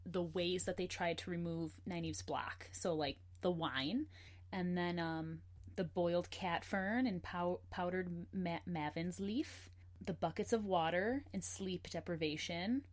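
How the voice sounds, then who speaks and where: A woman's voice: lowish voice, unhurried. A woman guest on a podcast, chatting casually, laughing often and reading passages from a book aloud. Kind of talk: casual chat.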